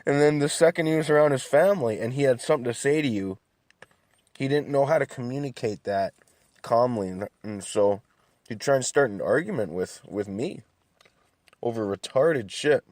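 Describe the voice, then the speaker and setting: A young man telling stories in a calm, laid-back way, full of swearing and restarts. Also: medium pitch, moderate pace, no echo. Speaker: podcast host. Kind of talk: casual monologue.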